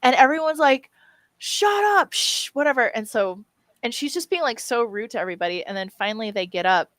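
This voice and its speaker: Bright-voiced animated woman storyteller. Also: medium pitch, fast talker, no room sound. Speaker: podcast co-host. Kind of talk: casual chat, storytelling.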